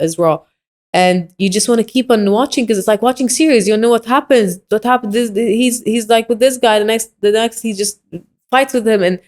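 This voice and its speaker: Fast-talking woman telling a story. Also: a little high. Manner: animated, fast storytelling, mixing English and Arabic. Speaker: guest, sports presenter. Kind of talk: casual storytelling in a podcast chat.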